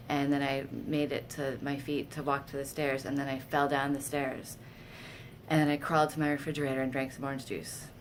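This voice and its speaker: A woman's voice: very deep voice, slight background noise. A woman vlogger telling candid, self-deprecating personal stories in a casual way. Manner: candid, self-deprecating, animated when quoting herself. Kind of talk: casual storytelling to camera.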